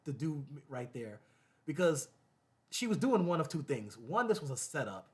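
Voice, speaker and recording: His voice a little high and his pace moderate, a show host chats casually to the camera. The delivery is animated, with repeated phrases and bursts of laughter.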